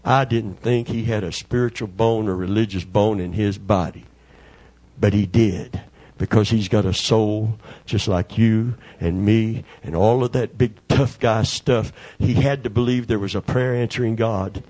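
A man, a preacher telling a folksy, animated story during a sermon. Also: lowish voice, unhurried. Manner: folksy, animated, acts out voices.

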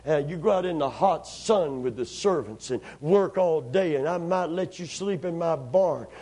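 A man's voice: on the high side, expressive, normal speed, dark tone. A male preacher voicing a stern older father, scornful and lecturing, inside a sermon.

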